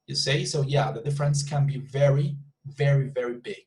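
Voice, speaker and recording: A man's voice: medium pitch, steady tone, normal speed, darkish tone, rough recording. A man teaching an English class over a video call, explaining at length, often repeating words and checking in with "you see".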